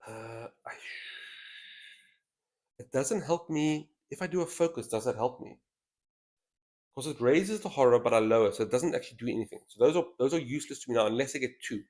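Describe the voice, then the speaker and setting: Casual commentary fills this solo board game stream as the host thinks aloud through each move. He uses a headset mic with a straw-like boom, and his voice is medium-pitched, a little mellow, and moderately paced.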